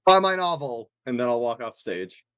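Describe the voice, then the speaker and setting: A man's voice: mid-range voice, big pitch swings, normal speed, a bit bright, clear, resonant tone, no echo, muffled recording. A man playing in a tabletop game, talking in a rambling way with many fillers. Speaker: player.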